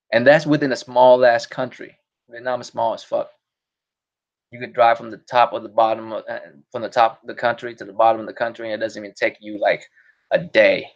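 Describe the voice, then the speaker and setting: A man's voice: mid-range voice, level tone, normal speed, lo-fi sound. A man hosting a podcast stream, chatting casually in a rambling, profane way and laughing often. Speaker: podcast host. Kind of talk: casual solo stream chat.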